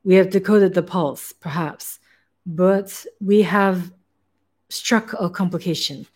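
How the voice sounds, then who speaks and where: A woman voicing a small, frail male scientist in a put-on German accent; he is devout and earnest and speaks in a formal, halting, pleading way. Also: sits high, breathy edge, heavily acted.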